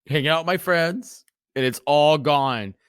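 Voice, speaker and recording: A man's voice: fairly high pitch, unhurried, clean tone, no room sound, studio quality. A man in his forties, a podcast guest, telling rambling, profane stories in a casual way. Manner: profane, rambling, animated retelling. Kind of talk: casual storytelling.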